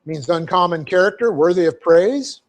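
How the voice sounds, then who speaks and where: Speaking at a moderate pace in a voice that sits high, this pastor works through a Bible verse step by step from the church sanctuary. Fillers come often, Greek words get spelled letter by letter, and he keeps pausing to ask "okay?"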